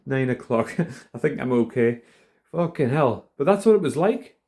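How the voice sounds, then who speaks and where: Brief: young man, casual profane monologue, warm mellow tone, indoors at home. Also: mid-range voice, expressive, normal speed. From United Kingdom. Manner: rambling, profane, rough-edged. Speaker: vlogger.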